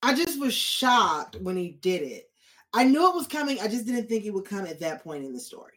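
Expressive woman in profane casual chat. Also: mid-range voice, fairly quick. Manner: expressive, profane, acts out quotes.

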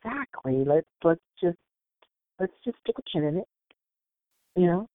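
A woman's voice: fairly low pitch, animated, normal speed, no echo. A woman in casual chat, reacting emphatically and repeating her phrases. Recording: tinny phone-like line.

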